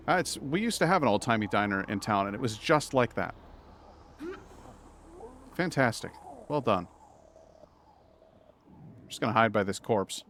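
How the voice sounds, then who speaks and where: A man's voice: mid-range voice, a bit bright, slight background noise. A man from Massachusetts with a New England accent, chatting casually as he streams a video game. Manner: chatty, rambling, self-deprecating asides. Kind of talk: live game commentary.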